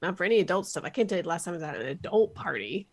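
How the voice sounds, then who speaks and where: A woman's voice: fairly low pitch, big pitch swings, rapid-fire, a little mellow, husky. A woman in her thirties, co-hosting a podcast, talking in a chatty, teasing way. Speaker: podcast co-host. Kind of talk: casual book discussion.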